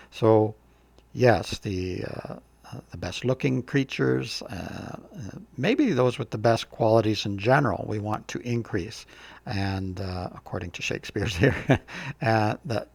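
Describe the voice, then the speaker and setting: A man giving a relaxed, casual poetry lesson as a tutor, with frequent fillers and restarts, recorded on a close mic. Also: fairly low pitch, a little slow, vocal fry, husky, no echo.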